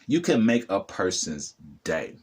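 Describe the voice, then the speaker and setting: A man's voice: sits low, sing-song, a little slow, slightly rough. A middle-aged man giving a motivational talk to the camera as a spiritual vlogger, preachy and repetitive, addressing the viewer directly.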